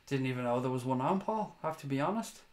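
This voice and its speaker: A man's voice: mid-range voice, expressive, fast. Chatty man. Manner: chatty, swears casually, laughs at himself. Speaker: fan show host reading viewer comments. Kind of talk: casual livestream chat.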